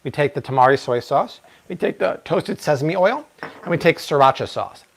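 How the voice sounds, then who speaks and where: A man in his thirties hosting a live-stream cooking demo, chatty and energetic, now and then slipping into playful broken Spanish. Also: fairly high pitch, normal speed, gravelly. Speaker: cooking show host.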